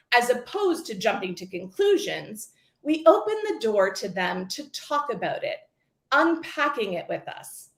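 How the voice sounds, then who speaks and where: A woman in her forties giving a scripted keynote talk, telling stories with lively acted quotes. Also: on the high side, echoey room. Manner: storytelling, expressive with acted quotes. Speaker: keynote speaker.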